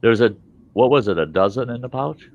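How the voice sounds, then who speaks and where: A man's voice: mid-range voice, fairly quick. A man hosting a livestream, telling rambling, salty stories in casual chat and acting out the voices of the people in them. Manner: salty, rambling anecdotes with lively quoted voices. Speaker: host. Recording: dull lo-fi stream audio.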